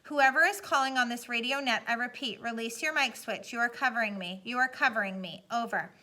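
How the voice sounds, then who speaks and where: A calm adult male radio operator, as a woman reads him out, answers in crisp, clipped procedure. The voice is bright and pushed a little louder than the telling around it, yet stays level and unhurried. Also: fairly high pitch.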